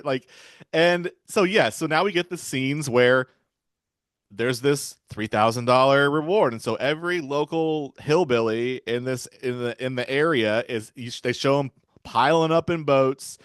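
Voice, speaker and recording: A man's voice: mid-range voice, measured pace, a bit bright, no echo, clean studio sound. A man in casual podcast chat about a film, retelling scenes and acting out the characters' lines. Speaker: podcast guest.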